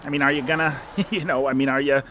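A man's voice: on the high side, steady tone, fast, a bit bright, a little hiss or hum, close to an everyday voice. A man voicing a nervous young man who stammers, laughs nervously and turns tearful while proposing, in audio drama acting.

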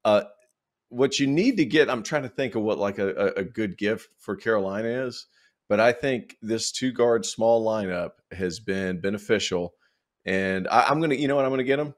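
A man's voice: fairly low pitch, moderate pace. A man with a Southern accent giving loose, rambling basketball takes on a podcast, joking as he thinks aloud. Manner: rambling, joking, self-correcting. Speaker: basketball analyst. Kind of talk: casual sports chat.

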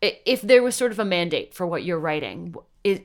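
A woman's voice: on the low side, animated, fairly quick. A woman interviewing a guest, thoughtful, rephrasing her questions as she goes. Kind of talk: casual interview.

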